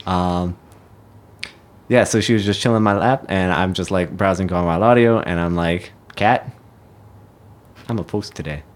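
A man's voice: low voice, moderate pace, clear, resonant tone. A man co-hosting a podcast, chatting in a laid-back, teasing way with plenty of hesitant fillers. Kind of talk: casual chat.

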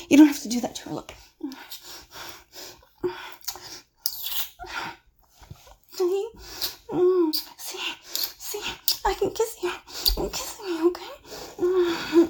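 A woman's voice: very high-pitched, darkish tone, full character voice. A woman playing a frightened young woman in an audio role-play drama, pleading with a possessive captor. She stammers and drops into whispers. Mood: anxious.

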